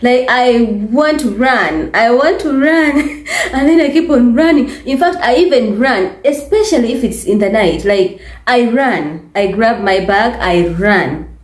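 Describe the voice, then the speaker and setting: Brief: Ugandan woman vlogger, emphatic and exasperated, fairly high voice, roomy echo. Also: lively intonation, measured pace. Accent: Ugandan English. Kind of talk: casual talk to camera. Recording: echoey room.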